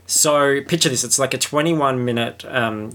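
A man's voice: medium pitch, normal speed, a bit bright. Laid-back man rambling. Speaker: podcast co-host. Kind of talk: casual chat.

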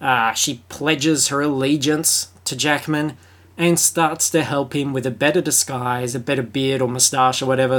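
An Australian podcast host giving a solo film review, sarcastic and fond of swearing, with mock-excited asides. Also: medium pitch, unhurried.

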